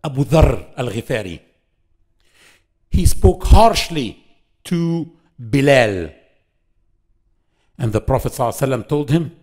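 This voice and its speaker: Male lecturer, animated, rhetorical questions, acts out quotes, pitch swings widely. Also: measured pace, long pauses. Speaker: Islamic lecturer. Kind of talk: religious lesson to an audience.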